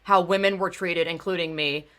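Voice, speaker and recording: A young woman hosting a casual talk show, blunt and profane, swinging from quiet asides into outraged rants. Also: fairly low pitch, steady tone, moderate pace, clear, resonant tone. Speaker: host. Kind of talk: casual podcast chat.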